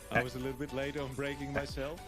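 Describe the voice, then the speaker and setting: A man chatting casually as a co-player in a game stream, easygoing and laughing along. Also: medium pitch. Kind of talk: casual gaming chat. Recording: loud music behind.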